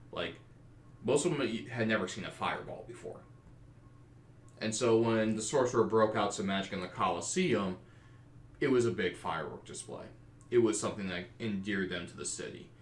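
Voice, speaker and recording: A man with a fairly low voice tells stories from his tabletop campaigns in a relaxed, animated podcast chat. The recording is roomy and echoey, with his voice sitting in a live room. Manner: storytelling, animated. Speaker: game master and podcast host. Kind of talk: casual podcast discussion. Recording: roomy echo.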